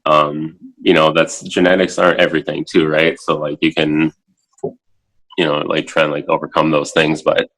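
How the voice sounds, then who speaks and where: A man in his thirties with a very low voice talks as a podcast guest. His speech is halting and full of filler words. When he repeats what he once said, he turns lively. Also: poor audio. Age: 30s. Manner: halting, heavy with filler words, animated when quoting himself. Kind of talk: casual interview talk. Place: home, in a child's room.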